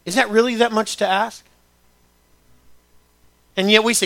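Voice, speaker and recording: A man preaching a sermon in a fairly high voice. He moves from quiet, conversational asides to loud, emphatic preaching. The sound is dry and close, with no room echo. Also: steady tone, unhurried, gravelly.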